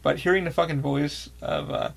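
A man hosting a podcast, telling a rambling, excitable story with lots of swearing and fillers. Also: fairly high pitch, normal speed, creaky. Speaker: podcast host. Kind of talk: casual storytelling.

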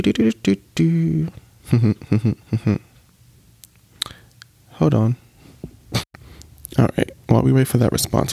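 A young man talks casually to his camera in a sassy, animated way, cursing freely and jumping into playful high-pitched asides. His voice is dark and gravelly with a lot of fry. The recording is dry and close, with no room echo. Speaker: vlogger.

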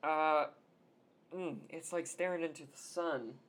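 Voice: medium pitch, fairly even intonation, a little slow, fairly bright tone, a little hiss or hum. Joking player with a Southern US accent. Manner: playful, jokey. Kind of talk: tabletop game play.

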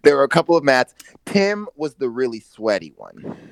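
Lively, laughing man chatting on a podcast. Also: medium pitch, normal speed, vocal fry. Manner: animated, laughs often, playful slang. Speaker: podcast co-host. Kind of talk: casual gossip chat.

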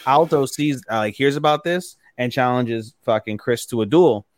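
A man's voice: medium pitch, normal speed. A man co-hosting an anime podcast, recapping episodes in casual, rambling, profane chat. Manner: rambling, profane, acts out characters' lines mid-recap. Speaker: podcast co-host.

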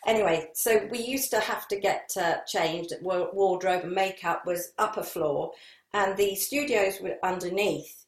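A woman's voice: mid-range voice, a little slow, roomy sound. A woman from southern England, an actress guest telling rambling stories in an interview, with many ums and asides. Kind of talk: anecdotal interview chat.

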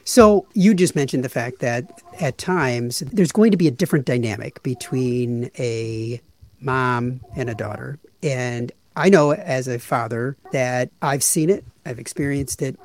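A man hosting an interview, a father asking earnest, measured questions. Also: mid-range voice. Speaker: podcast host.

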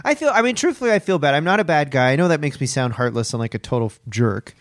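A man tells a comic story in a lively voice that swings widely up and down, playing a blunt building manager. He acts out the other people in the story, recorded dry and up close. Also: fairly high pitch, no room sound. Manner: animated storytelling, quick to act out others. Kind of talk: improvised comedy interview.

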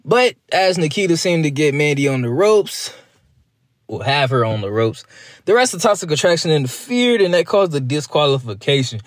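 A man's voice: on the high side, sing-song, no echo, clean studio sound. A man giving a casual, rambling recap review of a wrestling show, chatting loosely with lots of asides. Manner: rambling, chatty, slips into quick mock voices.

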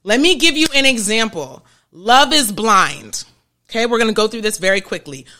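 Bright, chatty woman podcast host. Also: a little high, normal speed. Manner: chatty, keeps checking in with "okay?" and "right?"; animated, laughs between points. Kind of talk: casual explanatory podcast talk.

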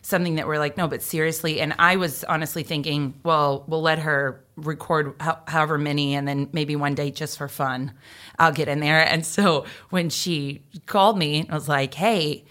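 A woman's voice: deep voice, moderate pace. A young woman guest on a podcast, chatting casually and acting out her own reactions as she tells stories. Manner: animated storyteller, acts out quoted reactions.

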